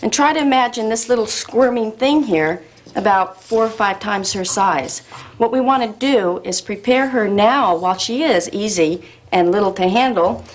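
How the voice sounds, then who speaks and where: A woman with an ordinary mid-range voice teaches owners to handle puppies. She speaks calmly and explains each step in turn. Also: medium pitch, moderate pace. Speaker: dog trainer. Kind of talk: puppy training lesson.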